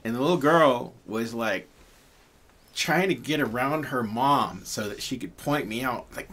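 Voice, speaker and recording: Speaking at a measured pace with a mid-range, sharp-toned voice, this pyrography channel host spins a casual story. It wanders in a chatty way, full of fillers and laughs.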